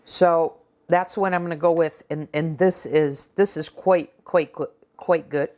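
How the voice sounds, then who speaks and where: Chatty woman with a lowish voice. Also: steady tone, a little slow, darkish tone. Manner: chatty, hesitant, with fillers and restarts. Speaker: cooking channel host. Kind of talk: casual cooking vlog taste test.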